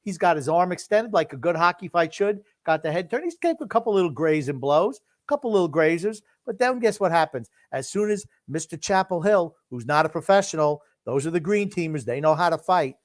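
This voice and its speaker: Older co-host, slightly high, dry; wry and playful. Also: male voice, lively intonation, a little fast, hardly any pauses, dry recording. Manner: wry, playful commentary with acted-out quotes. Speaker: podcast co-host. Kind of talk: casual chat commenting on a video.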